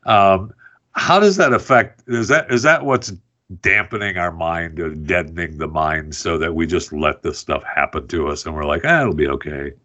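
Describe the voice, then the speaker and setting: A man's voice: sits low, moderate pace, bright, forceful tone, highs cut off. A man hosting a radio talk show, interviewing an author in a loose, rambling way with many fillers and restarts. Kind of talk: casual interview chat.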